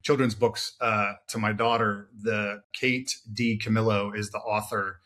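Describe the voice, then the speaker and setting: A man's voice: on the low side, little pitch movement, measured pace, a bit bright. A man in his thirties hosting a podcast interview, chatty and casual, with frequent "right?" and "like". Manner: chatty, friendly, many fillers like "right?" and "like". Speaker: podcast host.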